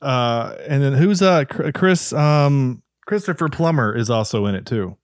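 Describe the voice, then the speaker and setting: A man's voice: medium pitch, animated, measured pace, no room sound, clean studio sound. Enthusiastic man hosting a podcast. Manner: enthusiastic, rambling with restarts. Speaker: podcast host. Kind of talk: casual chat.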